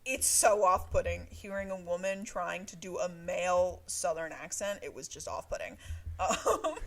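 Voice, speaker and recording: A woman's voice: fairly low pitch, normal speed, fairly bright tone. A woman co-hosting a book podcast, chatting casually with lots of laughing and fillers. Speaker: podcast co-host.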